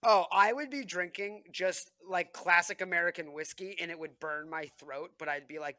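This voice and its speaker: In a dry recording, this young podcast co-host speaks in a high voice at a moderate pace with few pauses. Telling stories on his casual history show, he's animated and rambling, full of fillers and restarts.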